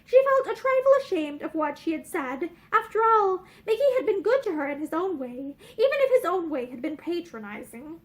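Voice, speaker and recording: A young woman reading a novel aloud with expressive storytelling narration. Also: extremely high pitch, moderate pace, hardly any pauses. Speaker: reader. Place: indoor room with bookshelves.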